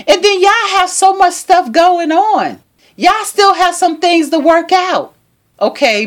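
A woman hosting a podcast, talking in a high, lively voice that swoops up and down. She rants passionately and preaches with sass, taking her time. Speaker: podcast host. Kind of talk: opinion commentary monologue.

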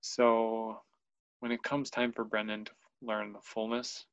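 A father speaking candidly about his young son in an earnest, halting way, often pausing to find his words. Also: lowish voice, level tone, a bit bright, dull audio. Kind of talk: candid personal conversation.

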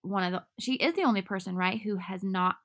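A woman's voice: medium pitch, a little fast. A woman chatting casually and animatedly, full of fillers, recapping episodes with a co-host. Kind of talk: casual chat recapping a dating show.

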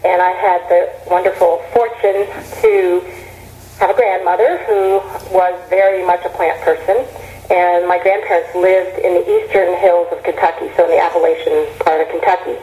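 A woman's voice: fairly low pitch, steady tone, normal speed, mellow. A middle-aged woman, an herbalist guest in an interview, talking earnestly and rambling with frequent restarts. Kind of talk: reflective interview talk. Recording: roomy echo.

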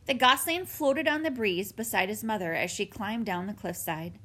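A woman narrating a children's book in an expressive storytelling manner. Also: mid-range voice, normal speed. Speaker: audiobook narrator.

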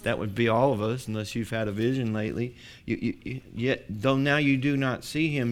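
A man's voice: mid-range voice, steady tone, fairly quick, hardly any pauses. A man preaching a sermon as pastor, building to emphatic declarations.

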